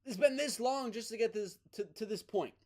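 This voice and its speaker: A man with a noticeably high-pitched voice delivers casual fight news commentary. He talks with excited, emphatic opinions and doubles back on his words to drive a point home. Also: fairly quick. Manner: excited, emphatic, repeats himself. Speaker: MMA news host.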